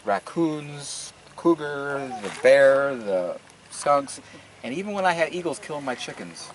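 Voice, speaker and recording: Steady noise hums behind this outdoor field recording, which has poor audio. An older man speaks at a measured pace in a mid-range voice, giving a relaxed, excited garden and orchard tour full of folksy stumbles and repeated words.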